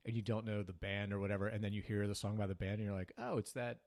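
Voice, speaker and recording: A man's voice: on the low side, fast, a little mellow. A man co-hosting a podcast, chatting casually and telling rambling stories with acted-out quotes. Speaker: podcast co-host. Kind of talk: casual chat.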